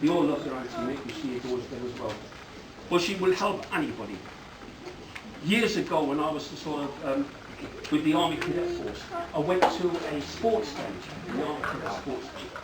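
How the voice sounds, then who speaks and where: Middle aged dad doing a wedding speech, voice swings way up and down, rambly jokes, heard from far off in a noisy room. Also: male voice, a little high, animated, normal speed. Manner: jokey, rambling anecdotes, loud bursts of praise. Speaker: father of the bride giving a wedding speech. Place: wedding reception hall. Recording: echoey hall, from far off, loud background noise.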